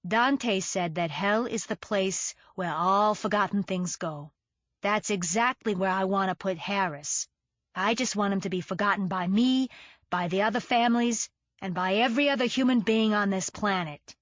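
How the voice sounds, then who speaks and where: A woman voicing a grieving widower who speaks calmly and bitterly. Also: medium pitch, dry recording, highs cut off, lightly acted. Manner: calm, measured, bitter.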